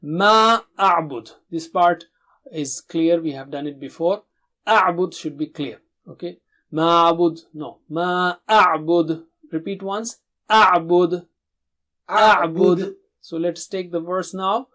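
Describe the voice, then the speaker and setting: A man's voice: sits high, bright, forceful tone. Patient male tajweed teacher. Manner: patient, repeats words slowly for learners to echo; drawn-out chanted recitation of verses. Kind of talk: Quran recitation lesson.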